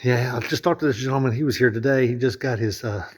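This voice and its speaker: A man's voice: medium pitch, fast, husky. A man chatting casually as he tours a lodge room, rambling with lots of fillers and restarts. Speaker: vlogger touring a lodge. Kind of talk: casual walkthrough narration.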